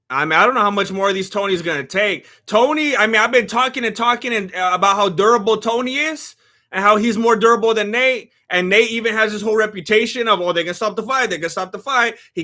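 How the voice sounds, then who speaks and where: Male live-stream fight host, high and bright, excitable and rambling. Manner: excitable, rambling, many restarts, bursts of shouting. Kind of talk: casual live commentary.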